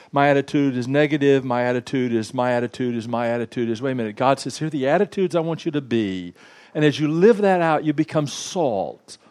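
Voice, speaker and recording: A man preaching a sermon in a lively, conversational way, with asides to the congregation. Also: medium pitch. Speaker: pastor.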